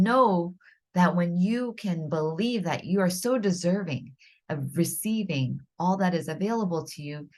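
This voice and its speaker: A woman hosting a podcast, earnestly and gently teaching, with frequent restarts and self-corrections. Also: fairly low pitch. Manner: earnest, encouraging, gently instructive. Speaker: podcast host.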